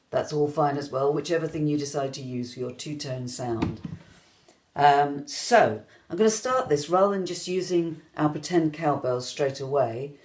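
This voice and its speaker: A woman teaching an online rhythm lesson, gentle and encouraging, singing out the beats as she counts them. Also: low voice, a little hiss or hum. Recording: echoey room.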